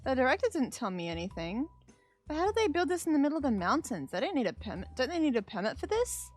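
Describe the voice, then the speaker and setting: A woman reading the lines of a vain, jumpy young male actor from a game, excitable and jumping high when startled. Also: fast talker. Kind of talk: dramatic game dialogue read aloud.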